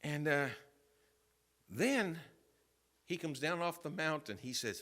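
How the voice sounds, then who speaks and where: A man pastor preaching a sermon in a church, telling a story with swings from quiet asides to loud emphasis. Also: medium pitch, moderate pace. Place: church sanctuary.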